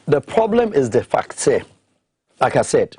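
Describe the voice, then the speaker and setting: A man with a Ghanaian accent, speaking emphatically in an animated discussion that mixes English and Twi, pressing his points with repeated questions. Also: medium pitch, measured pace, breathy edge, dry recording, studio quality.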